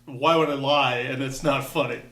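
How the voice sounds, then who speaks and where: A mid-range, steady, fairly bright voice comes at a moderate pace from far off the mic in an echoey room. The speaker is a Wisconsin man in his fifties vlogging a rambling personal story, interrupting himself and adding wry asides.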